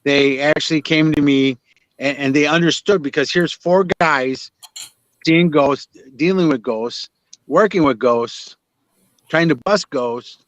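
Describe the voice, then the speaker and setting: A man's voice: a little high, unhurried, no room sound. An older man, a psychic medium guest, telling stories in a chatty, self-mocking way with many restarts, talking from his car on a video call. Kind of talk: casual storytelling interview. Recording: dry, dull lo-fi sound.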